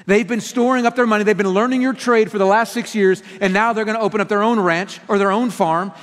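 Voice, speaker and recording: A male pastor delivers an earnest teaching sermon and leans hard on key words. His voice sits high for a man. The sound trails off in the long reverb of a large church hall. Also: a bit bright. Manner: earnest, teaching, with emphatic stresses.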